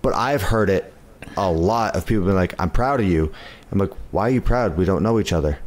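A man's voice: low-pitched, a little fast. A man around thirty in casual podcast chat, easygoing and sprinkling his talk with "like". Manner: easygoing, loose with "like" fillers. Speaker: podcast guest.

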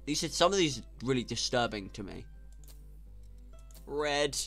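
A young man giving casual, sarcastic gameplay commentary, swearing and breaking into sudden loud outbursts. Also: medium pitch, vocal fry. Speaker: gaming YouTuber.

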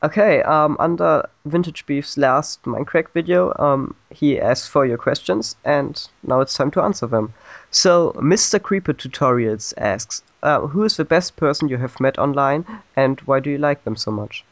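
A man's voice: a little high, moderate pace, gravelly, dry recording. A man hosting an interview, reading out fan questions and laughing along. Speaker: interviewer, host. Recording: dull, muffled lo-fi online call.

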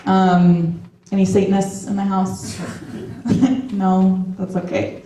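A woman's voice: mid-range voice, flat delivery, slow, dark tone, slight background noise. A woman in her thirties doing a chatty, self-deprecating stand-up set in the back room of a shop. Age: 30s. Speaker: stand-up comedian and host. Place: back room of a skate shop, live audience. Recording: echoey room, mic from far off.

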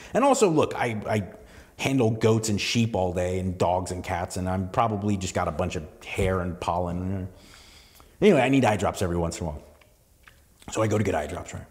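A southern Californian podcast host delivers a loose solo monologue in a lowish, slightly mellow voice with a long reverb tail. He rambles, curses, restarts his sentences often, and goes off on asides.

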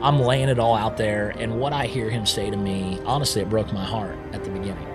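A man who is a podcast guest, telling his own story in a casual, animated way and often acting out what he once said. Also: fairly low pitch, fairly quick, loud music behind the voice.

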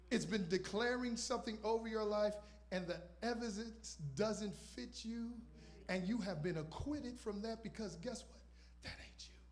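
High-voiced preaching man in his fifties. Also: a little mellow. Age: 50s. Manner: emphatic preaching with repetition and call-outs. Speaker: pastor. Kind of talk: sermon.

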